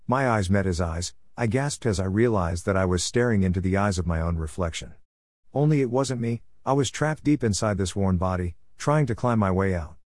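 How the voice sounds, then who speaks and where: A man's voice: fairly low pitch, darkish tone, no echo, studio quality. A man giving an earnest, reflective scripted first-person narration as a storyteller.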